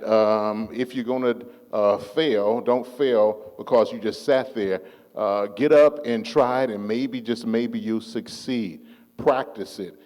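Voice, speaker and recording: Low-voiced preacher in a reverberant church. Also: male voice, darkish tone. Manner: call-and-response preaching, drawn-out emphatic phrases. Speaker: pastor. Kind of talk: sermon. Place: church sanctuary.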